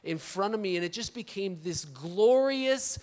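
A man, a pastor telling a story in a conversational, animated sermon and asking for amens. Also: sits high, moderate pace, big-room sound. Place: large church auditorium.

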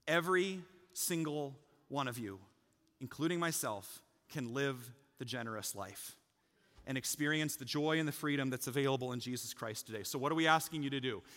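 Bright-voiced male pastor preaching in a church. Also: medium pitch, big-room sound. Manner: conversational, jokes with the congregation, builds to loud emphatic peaks. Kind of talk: sermon. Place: church sanctuary.

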